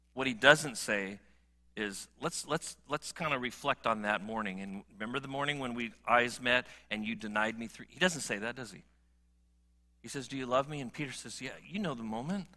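A middle-aged male pastor preaches a sermon earnestly, swinging between emphatic appeals and quiet, low moments.

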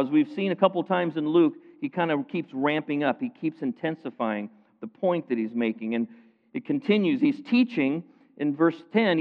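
A man preaches to his congregation in a voice pitched a little high, swinging between loud, pointed emphasis and hushed asides. The sound is thin and phone-like. A long reverb from a large sanctuary trails every phrase. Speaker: pastor. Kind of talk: sermon.

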